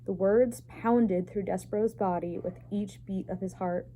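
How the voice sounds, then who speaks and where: A woman librarian reads a chapter book aloud for children, expressive and lively in her storytelling. Her tone is mellow and warm. A faint hum sits under the voice. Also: mid-range voice, measured pace.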